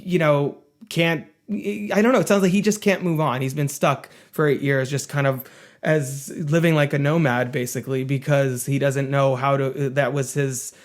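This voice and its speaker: A man's voice: mid-range voice, steady tone, normal speed. A man co-hosting a casual film podcast, talking thoughtfully with frequent restarts. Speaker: podcast co-host.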